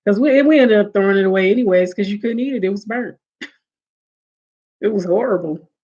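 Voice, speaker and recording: A woman's voice: mid-range voice, a little fast. Woman, casual livestream storyteller, laughs a lot, lo-fi sound. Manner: animated, laughs often, acts out quoted relatives. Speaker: livestream host. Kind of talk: casual storytelling to live chat. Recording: dull lo-fi audio.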